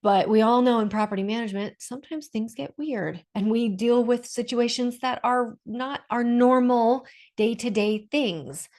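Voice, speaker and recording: A woman's voice: fairly high pitch, moderate pace, a little mellow. A woman speaking in a casual webinar discussion, stressing her points by repeating them, speaking over a video call.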